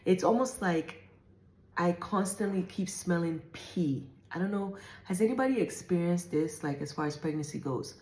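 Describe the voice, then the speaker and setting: A woman in her forties talks through her pregnancy symptoms in a candid, rambling way, full of fillers and restarts. Her voice sits low, and she sometimes sounds slightly out of breath. The room around her is echoey. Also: normal speed, darkish tone. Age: 40s. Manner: chatty and candid, with many fillers and self-corrections. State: often out of breath. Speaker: vlogger. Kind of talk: casual pregnancy update vlog.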